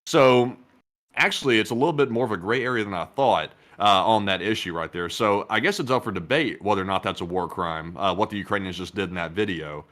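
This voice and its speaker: A man co-hosting a casual news talk show, measured and hesitant, often pausing on "uh". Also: lowish voice, a bit bright. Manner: hesitant, many "uh" fillers, measured. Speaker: co-host.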